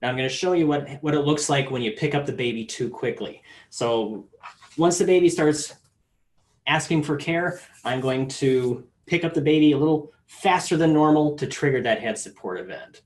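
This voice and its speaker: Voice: medium pitch, moderate pace. A product support trainer giving a casual, step-by-step instructional demonstration. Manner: step-by-step explaining, casual filler words.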